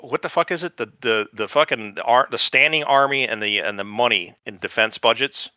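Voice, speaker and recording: A man's voice: medium pitch, brisk, pushed and bright, no echo, highs cut off. A man from the United States co-hosting a podcast, rambling through casual chat with lots of profanity and digressions. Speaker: podcast co-host.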